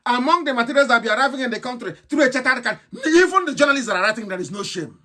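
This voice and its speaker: A man giving an impassioned live broadcast speech, ranting with scorn, firing rhetorical questions and breaking into shouts. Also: extremely high pitch, animated, very fast. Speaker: political activist broadcaster.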